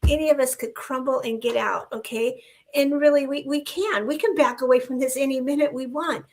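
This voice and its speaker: A woman in her sixties with a bright, high voice chats with lively energy, quick to laugh and emphatic in her praise. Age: 60s. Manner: animated, laughing, expressive. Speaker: co-host. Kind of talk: casual chat.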